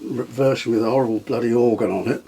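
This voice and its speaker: An older man with a husky, slightly breathy voice, spinning long anecdotes in conversation. He chuckles often and pauses on fillers as he recalls things. His pitch sits in a medium range. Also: warm tone. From England. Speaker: guest, storyteller. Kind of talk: reminiscing conversation.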